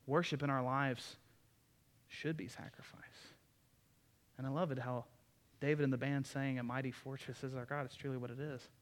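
A man's voice: medium pitch, flat delivery, normal speed, long pauses, long reverb tail. A man preaching a sermon in a folksy, enthusiastic way, with asides to the congregation. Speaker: pastor.

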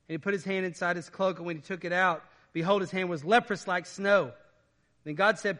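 A pastor preaches in a church, his voice pitched high and ringing bright and forceful. He reads the verses aloud, then breaks them down in plain, everyday talk. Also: fairly quick. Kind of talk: sermon with scripture reading.

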